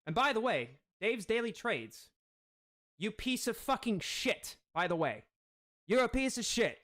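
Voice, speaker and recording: A man's voice: high voice, big pitch swings, a little slow, a bit bright. A man hosting a livestream, launching into a profane, confrontational rant. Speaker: livestream host. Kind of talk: profane ranting livestream commentary.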